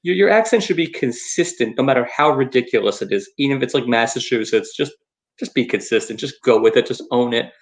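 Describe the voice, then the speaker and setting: A man's voice: mid-range voice, expressive, a little fast. A man co-hosting a podcast, chatting casually with dry, wisecracking remarks. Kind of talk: casual chat.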